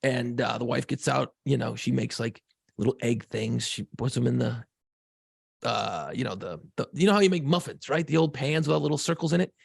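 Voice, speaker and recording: A man's voice: mid-range voice, brisk, dry recording, clean studio sound. A man co-hosting a casual podcast, swearing freely and rambling through a long story about home life. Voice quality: gravelly. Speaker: podcast co-host.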